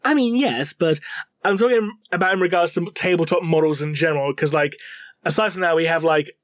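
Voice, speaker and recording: A man co-hosting a lore livestream, talking in a relaxed, jokey way with lots of fillers. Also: a little high, a little fast, no echo, studio quality. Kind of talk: casual livestream chat.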